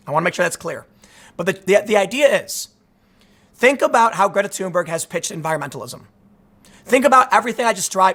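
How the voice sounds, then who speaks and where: This political commentary host, a man in his thirties, has a high, sharp-toned voice. He delivers a casual, conversational monologue laced with sarcasm, often restarting and wandering into asides.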